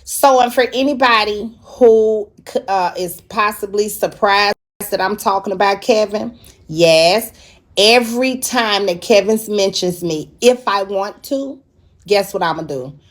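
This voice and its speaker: Woman host for a live-stream rant: unhurried, emphatic, openly combative and profane. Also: mid-range voice. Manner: confrontational, profane, warning; drawn-out emphatic delivery.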